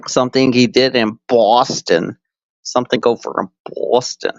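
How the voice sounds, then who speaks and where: A man's voice: mid-range voice, steady tone, normal speed, dry recording. A man streaming casually, rambling crudely with lots of fillers and frequent laughs. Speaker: live streamer. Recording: dull lo-fi stream audio.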